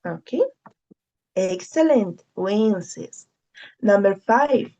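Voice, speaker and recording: A woman, a native Spanish speaker, teaches an English lesson at an unhurried pace with a gravelly, creaky edge to her voice. She repeats phrases patiently and keeps checking in with her students. The audio sounds dull and lo-fi. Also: medium pitch, animated, dark tone. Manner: patient, repeats key phrases, frequent "okay?". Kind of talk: online class instruction.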